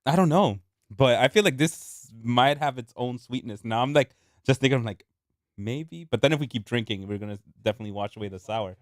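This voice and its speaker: A man co-hosting a casual beer podcast, playful and quick to laugh. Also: mid-range voice, dry recording, clean studio sound. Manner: laughs often, lively and playful. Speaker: podcast co-host. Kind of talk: casual chat over beer tasting.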